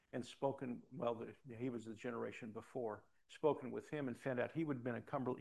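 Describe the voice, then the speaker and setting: A man's voice: medium pitch, vocal fry, a little mellow. An older man, a pastor, preaching a sermon in a conversational storytelling way with frequent restarts.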